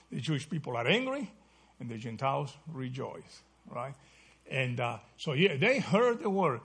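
Leading a Bible study class, a man puts questions to the group and keeps checking in with "right?" as he goes. His medium-pitched voice is husky and a bit bright, with some vocal fry.

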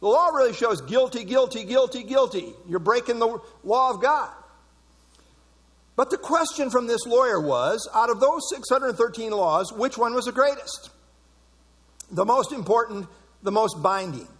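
A male preacher with a high voice delivers an emphatic sermon and repeats key words for stress. His voice rings with a long reverb in a large hall. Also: expressive, normal speed, fairly bright tone, slightly rough. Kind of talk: expository sermon.

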